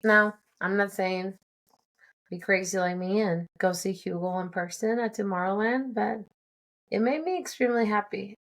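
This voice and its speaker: A candid, chatty woman in her forties hosts a solo podcast with a non-native English accent. Her voice sits a little low for a woman, and she breaks into easy laughs between thoughts. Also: a bit bright. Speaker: podcast host. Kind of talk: casual solo podcast monologue.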